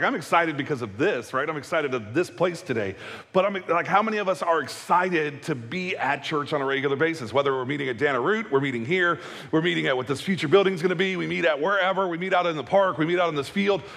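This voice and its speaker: A male pastor giving a casual, conversational sermon, chatty with joking asides and quick acted-out voices. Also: fairly high pitch, a bit bright, long reverb tail. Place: church hall.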